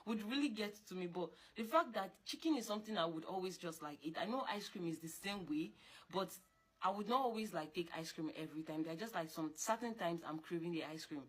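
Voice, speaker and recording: A young woman, talking in an animated, scolding way, repeating her points and jumping up in pitch when she insists. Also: fast talker. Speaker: girlfriend in a couple argument. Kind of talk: casual heated monologue.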